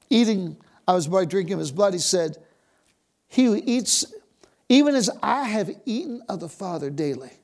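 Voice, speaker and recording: A man's voice: high voice, creaky. An American man preaching a sermon, exclaiming bursts of praise and dropping suddenly to a whisper. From United States.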